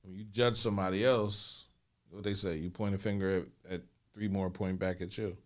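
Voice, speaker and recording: A man in his forties co-hosts a candid podcast conversation, speaking in a loose, slangy way and often repeating himself as he thinks out loud. His voice is low-pitched, fairly even in intonation, and a little fast.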